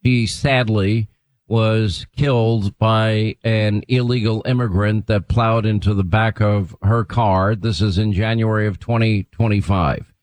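A man hosting a radio talk show, speaking briskly and emphatically as he sets up his guest. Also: lowish voice, fairly even intonation, darkish tone, no room sound, low-quality recording. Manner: brisk, emphatic, reads quotes aloud.

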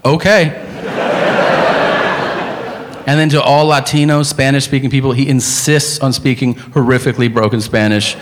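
A man's voice: medium pitch, fairly even intonation, normal speed, long pauses, big-room sound, slight background noise. A male stand-up comedian ranting in an incredulous, profane way.

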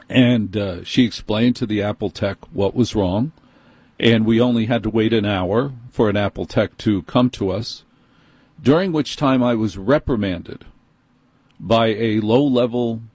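A man's voice: on the low side, unhurried, darkish tone, slightly rough, no room sound. A middle-aged man with a New York accent, hosting and telling a personal story in an exasperated, emphatic way.

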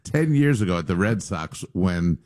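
A man's voice: deep voice, sing-song, moderate pace, a little mellow. A man who is a team president, chatting and praising his staff in a casual radio interview.

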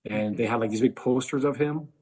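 A man's voice: medium pitch, brisk, a little mellow, slightly rough. A man chattily telling a funny story as a guest on a sports podcast. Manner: chatty, full of "like" fillers. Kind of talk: casual storytelling.

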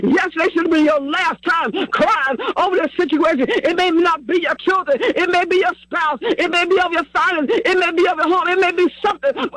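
Male preacher, very high and bright, dry close sound, impassioned exhorting sermon delivery. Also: dry recording, rough recording. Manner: impassioned, repetitive exhortation, rising to shouts. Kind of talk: fervent sermon and prayer.

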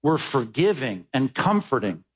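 Husky preacher man, big dramatic swings. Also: very animated, measured pace, low-quality recording. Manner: dramatic swings from high emphatic bursts to low hushed lines. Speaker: pastor. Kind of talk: sermon.

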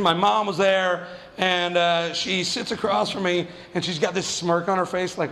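A man's voice: high voice, fairly even intonation, moderate pace, vocal fry. A young man doing stand-up, telling a story in a conversational, self-mocking way with lots of fillers, on a comedy club stage. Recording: long hall reverb, faint noise.

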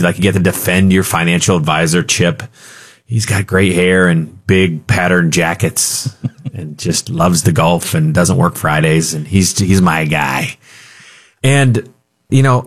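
A man co-hosting a radio talk show, talking casually in a jokey, animated way and laughing often. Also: sits low.

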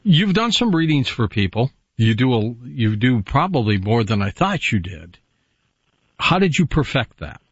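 A man hosting a talk radio show, taking calls briskly. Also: mid-range voice, very animated, slightly rough, no room sound. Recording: dry, slightly dull radio audio.

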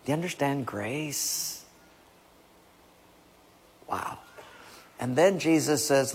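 A man preaching a sermon with a gravelly, husky voice, acting out scenes in changing voices. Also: a little high, animated, slow, pauses often. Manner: acts out biblical and household scenes in shifting voices. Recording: long reverb of a large hall.

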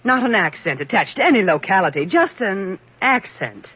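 A grand, fussy society mother drawls languidly, her husky voice swooping up and down. It is old 1940s radio play acting. The broadcast sounds dull and lo-fi. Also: mid-range voice, big pitch swings, moderate pace.

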